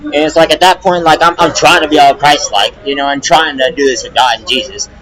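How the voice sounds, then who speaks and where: A man's voice: fairly high pitch, fairly quick, a bit bright, poor audio. Agitated young man venting, rambling. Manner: agitated, rambling with constant restarts and profanity. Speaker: rapper and streamer. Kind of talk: casual live-stream venting.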